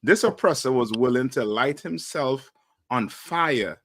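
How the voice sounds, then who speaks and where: A man's voice: medium pitch, lively intonation, unhurried. A man on a talk show panel, speaking emphatically and repeating "you know what I mean" as he makes his points. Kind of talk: casual opinionated chat.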